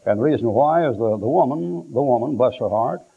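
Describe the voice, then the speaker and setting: A man preaching a sermon, telling folksy stories and acting out the people in them, sometimes shouting for effect. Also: mid-range voice, animated, brisk, gravelly, husky. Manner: folksy storytelling, acts out quotes, shouts for effect. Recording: tinny lo-fi phone-like sound.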